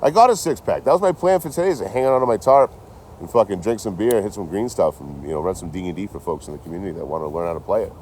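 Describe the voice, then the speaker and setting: A man's voice: low voice, fast talker, slight background noise. A man casually recounting a run-in with police in a profane, rambling vlog, quoting the people he met. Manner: rambling, profane, animated retelling with quoted dialogue. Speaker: vlogger. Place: outdoors near trees and a road. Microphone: handheld phone.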